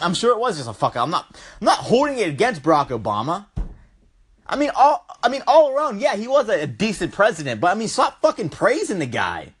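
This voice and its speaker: A young man ranting in a profane comedic vlog, loud and riled up, swearing and tacking on "bro" at the end of his lines. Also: sits high, husky. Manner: riled up, climbing into yelling at peaks.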